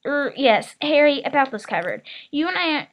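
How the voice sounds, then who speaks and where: A red-faced middle-aged uncle who blusters and barks out orders, as a woman reads him aloud. He speaks gruffly and a little high, with his temper always close to boiling. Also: big pitch swings, moderate pace, dull audio. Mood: forced calm.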